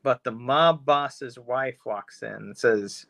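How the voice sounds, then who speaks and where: A man with a bright, forward tone co-hosts a casual podcast. He rambles through a plot recap, swearing freely and slipping into the characters' lines. The sound is dry and close. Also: medium pitch, slow pace, gravelly, dry recording. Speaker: podcast co-host. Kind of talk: casual chat, retelling a film episode.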